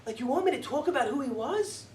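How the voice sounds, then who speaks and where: A man voicing a solemn, earnest religious teacher who speaks quietly. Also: very high voice, lively intonation, fast, roomy sound, recorded from a distance, a little hiss or hum. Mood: reverent. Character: solemn, reverent older male religious teacher.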